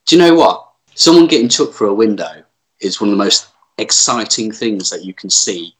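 Lively enthusiastic voice chatting about films. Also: medium pitch, moderate pace. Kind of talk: casual film chat.

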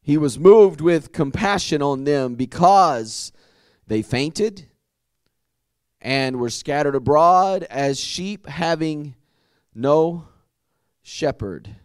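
Impassioned high-voiced preaching man. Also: darkish tone, no echo, clean studio sound. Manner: impassioned preaching, drawn-out emphatic phrases, repeats words. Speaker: pastor. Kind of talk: sermon. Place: church sanctuary.

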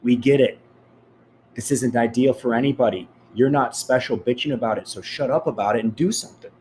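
A man's voice: medium pitch, fairly quick, a little mellow, a little hiss or hum. A man giving a blunt, profane motivational rant, speaking straight to his listeners.

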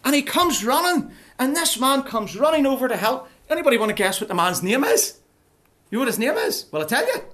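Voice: high voice, a little fast. Playful storyteller for children. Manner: playful, animated, keeps asking the children questions. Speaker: preacher telling a story to children. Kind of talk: children's Bible story talk.

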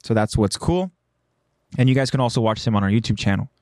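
A man's voice: on the low side, animated, fast, darkish tone, dry recording, clean studio sound. A young man hosting a livestreamed podcast, winding down with loose, easygoing plugs full of fillers. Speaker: podcast host. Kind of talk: casual livestream podcast chat.

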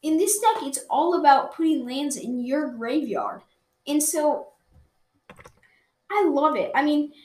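A woman with a high voice chats about cards, eager and quick to argue for her favorites. She rambles and restarts mid-thought. The sound carries a roomy echo. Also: lively intonation, darkish tone. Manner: enthusiastic, argumentative, rambling with restarts. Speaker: card game reviewer. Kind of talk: casual chat. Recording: roomy echoey room.

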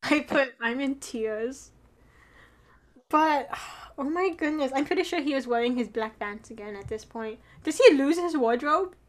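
A young woman casually recapping a drama episode, animated and laughing often, with casual swearing. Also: high-pitched, moderate pace, hardly any pauses.

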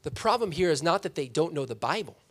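Young guy pastor talking casual in church, kinda high voice, jokey, keeps asking "right?". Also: very animated, fast. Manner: chatty, self-deprecating, frequent "right?" asides. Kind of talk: casual conversational sermon. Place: church sanctuary.

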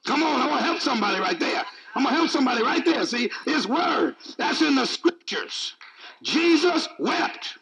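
A man's voice: very high-pitched, expressive, quick pace, gravelly, few pauses, crowd noise, low-quality recording. A male preacher giving an emphatic, repetitive sermon, mixing in jokes.

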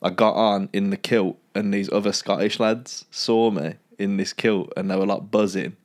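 A young man tells a story on a comedy podcast in a relaxed, slangy way, his voice sitting a little low. He laughs easily and keeps the chat casual. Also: moderate pace. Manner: laid-back slangy storytelling, laughs often. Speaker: podcast co-host.

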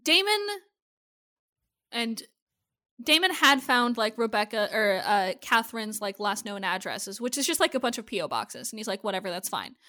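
A high-pitched woman with a bright, sharp voice chats casually as a podcast co-host, recapping a TV episode. She swears freely and laughs often. The recording is close and dry. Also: normal speed, no room sound. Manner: profane, animated, laughing often.

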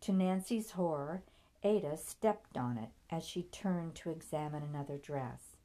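Low-voiced woman reading a story. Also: measured pace, dark tone. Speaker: narrator. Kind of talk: audiobook reading.

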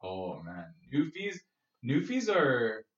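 A Canadian man co-hosting a podcast, telling stories in a lively, rambling casual chat full of fillers. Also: medium pitch, takes it slowly. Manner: animated, filler-heavy storytelling. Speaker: podcast co-host. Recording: roomy, distant, dull-sounding mic.

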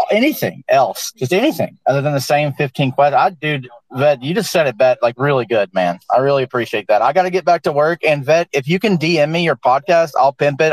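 A man's voice: fairly high pitch, no echo, low-quality recording. A man with a Southern US accent, chatting casually and rambling, full of "dude" and "like.". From American South. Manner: rambling, says "dude" and "like" a lot. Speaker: guest speaker. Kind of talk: casual live audio chat.

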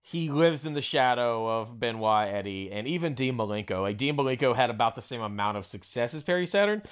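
A mid-pitched man chatting casually on a podcast. He sounds eager and fills his sentences with quick fillers. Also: lively intonation, clean tone. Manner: enthusiastic, leans on filler "like". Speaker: podcast co-host. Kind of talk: casual chat.

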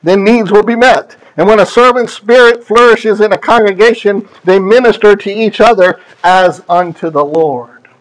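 A male pastor preaching a sermon, telling stories in an animated, playful way. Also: high voice, normal speed, low-quality recording.

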